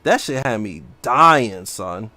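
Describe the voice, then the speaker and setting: Brash, animated New man streaming. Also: on the low side, slow pace, no room sound. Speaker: livestreamer. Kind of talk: casual gaming stream talk.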